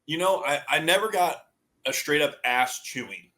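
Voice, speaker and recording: Man in his thirties, slightly high voice, swears freely, animated, laughs through stories, casual interview guest. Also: normal speed. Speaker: guest, former college football player.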